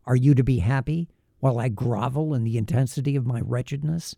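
A man voicing a wretched, bitter male creature made by a scientist, speaking in a slow, heavy, menacing way in an audiobook reading. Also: mid-range voice, gravelly, mellow, no echo, clean studio sound. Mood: bitter threat.

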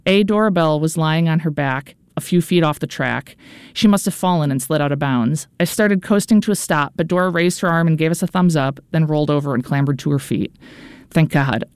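A woman's voice: sits low, fairly quick, clean tone, no room sound, clean studio sound. A woman narrating a first-person audiobook in an earnest, anxious inner-monologue manner.

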